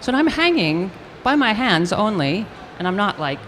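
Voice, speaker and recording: Animated older actress telling a story. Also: female voice, mid-range voice, normal speed, a little hiss or hum. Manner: animated storyteller acting out quotes with restarts. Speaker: actress guest. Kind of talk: storytelling anecdote in an interview.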